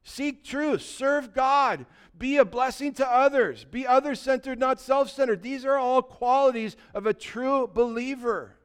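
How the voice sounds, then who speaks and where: A man pastor giving a sermon, exhorting his listeners with humorous asides and swinging between quiet asides and loud, fervent passages. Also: very high-pitched, a little slow, hardly any pauses, smooth.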